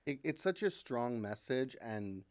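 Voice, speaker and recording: Animated, self-deprecating woman guest. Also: rumbling low, unhurried, no echo. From Kentucky, USA. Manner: animated, self-deprecating, laughs often, many fillers. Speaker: podcast guest, comedian and writer. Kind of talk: casual chat. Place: podcast studio.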